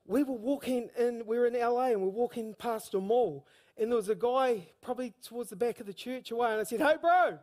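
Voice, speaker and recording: Energetic New Zealand preacher. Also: male voice, very high-pitched, fast talker, few pauses. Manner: energetic storytelling, bursts of shouted emphasis. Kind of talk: sermon.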